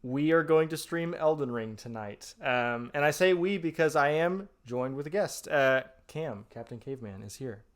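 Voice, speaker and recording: A man's voice: a little high, expressive, normal speed, hardly any pauses. A man hosting a live game stream, talking casually, rambling a little with ums and restarts. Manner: chatty and rambling, with many ums and self-corrections. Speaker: streamer and host.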